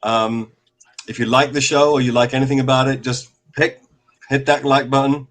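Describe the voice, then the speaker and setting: Guy running a fan call-in show, mid pitched, easygoing, lots of ums. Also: normal speed. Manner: relaxed, rambling, with many fillers. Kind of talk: casual show hosting.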